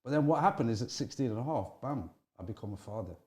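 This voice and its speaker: With a quick pace, a middle-aged man tells candid youthful stories as an interview guest. He restarts frequently, and his pitch swings in a lively, animated way.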